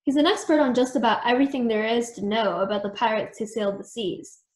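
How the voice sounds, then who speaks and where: A woman voicing a confident, playful woman sleuth with a brisk, teasing way of talking, recorded in a roomy space. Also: on the high side, darkish tone, lightly acted. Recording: roomy echo.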